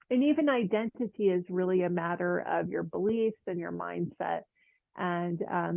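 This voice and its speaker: A woman's voice: fairly low pitch, vocal fry, dry recording, phone-quality sound. A woman art teacher talking casually to camera, chatty and encouraging, with lots of fillers and light laughs. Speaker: oil painting teacher. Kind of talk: casual motivational talk to camera.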